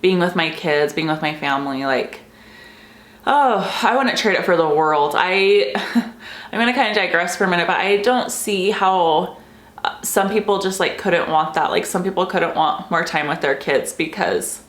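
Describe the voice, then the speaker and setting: A woman's voice: on the low side, moderate pace, fairly bright tone, roomy sound. A young woman and homeschooling mom vlogging in a casual chat, gushing and emotional, saying "like" constantly. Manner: chatty, heavy use of "like", emotional and gushing.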